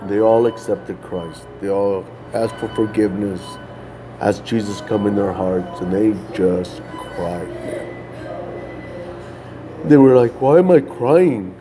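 A man's voice: on the low side, slow, music in the background. A man casually telling a personal testimony, loose and conversational, often tossing in "man" and restarting phrases. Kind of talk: casual storytelling.

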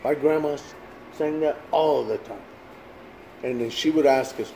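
A man's voice: mid-range voice, measured pace, creaky, long pauses, dark tone, a little hiss or hum, low-quality recording. A man in his sixties telling a faith testimony in a casual, plain-spoken way, often tagging his sentences with "man" and "like". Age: 60s. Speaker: guest sharing a ministry testimony.

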